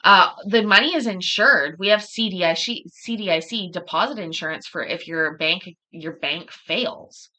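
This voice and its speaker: A woman with a lowish, pushed and bright voice hosts a casual livestream chat at a moderate pace with few pauses. She tells stories with heavy swearing and acts out what other people said.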